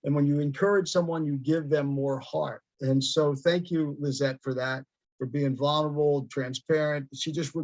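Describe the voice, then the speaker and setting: A man's voice: a little high, dry recording, dull audio. A man speaking on a group call in an emphatic, preachy way, building his points on metaphors. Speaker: veteran group member. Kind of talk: motivational remarks on a group call.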